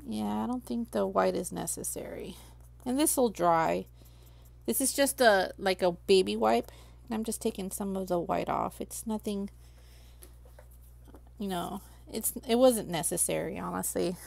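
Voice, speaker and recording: A woman's voice: mid-range voice, a little slow, gravelly, darkish tone. A woman hosting a crafting livestream, chatting casually with viewers and thinking aloud while she works. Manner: chatty, talks to herself while working, reads chat aloud.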